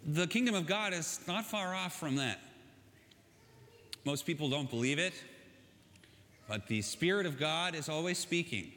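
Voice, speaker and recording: A man's voice: a little high, expressive, unhurried, long pauses, pushed and bright, big-room sound. A male pastor preaching a sermon in a casual, conversational way, telling stories with joking asides.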